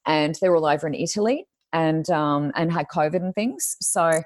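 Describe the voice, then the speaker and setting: Her voice is low-pitched and her speed is normal, captured in clean studio sound without echo. A woman guest who works as a Reiki healer and reader, she tells stories conversationally in a casual chat and acts out the quotes.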